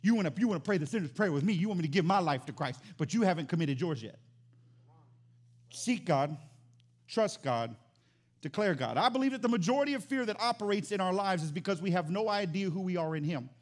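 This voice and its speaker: A man preaching as pastor, animated, swinging from loud exclamations to quiet emphatic lines. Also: high-pitched, a little fast. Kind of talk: sermon.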